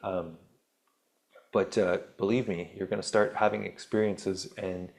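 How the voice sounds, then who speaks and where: A man's voice: deep voice, steady tone, unhurried, vocal fry, long pauses, darkish tone. A man hosting a podcast, talking through spiritual ideas in a rambling, self-interrupting way with wry asides. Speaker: podcast host. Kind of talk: casual spiritual monologue.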